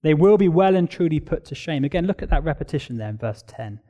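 A man preaching an expository sermon, emphatic, building intensity through repeated phrases and then dropping to a quiet, solemn tone. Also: on the high side, expressive, fast talker.

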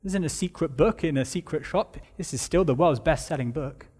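A man delivers a sermon with a fairly high voice, leaning on key words and repeating phrases to drive his point home. His voice rings out with a long reverb that trails through the church hall. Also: a little fast, a little mellow, breathy edge. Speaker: preacher.

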